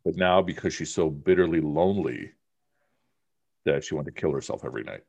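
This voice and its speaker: Male teacher with an extremely low, deep voice, chatty and emphatic in class. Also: a little fast, vocal fry, darkish tone, breathy edge, muffled recording. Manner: conversational, emphatic, uses many fillers. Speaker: religion teacher. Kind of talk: informal class discussion.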